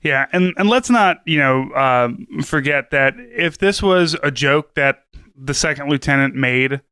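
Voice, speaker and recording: Bright, clear-voiced male podcast co-host. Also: fairly high pitch, expressive, measured pace, no room sound. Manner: rambling, filler-heavy, earnest. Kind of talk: casual podcast chat.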